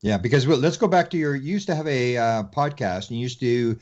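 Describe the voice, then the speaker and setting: A man interviewing a guest on a radio show, asking wandering, loosely built questions. His voice sits at an ordinary pitch, and the sound is a bit dull and lo-fi. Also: lively intonation, brisk, a little mellow. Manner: prompting, loosely phrased questions.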